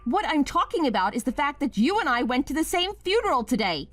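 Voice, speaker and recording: A woman playing an emotional high-voiced wife. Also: very animated, a little fast, a bit bright, soft background music. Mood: accusing. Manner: emotional, pleading then accusing. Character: upset young wife confronting her partner. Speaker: partner. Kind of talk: dramatized story dialogue.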